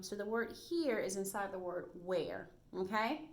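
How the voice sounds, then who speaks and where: A woman teacher leads a reading lesson for small children on video. She talks slowly and encouragingly, sounding out each word with care. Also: mid-range voice, animated. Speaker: first grade teacher.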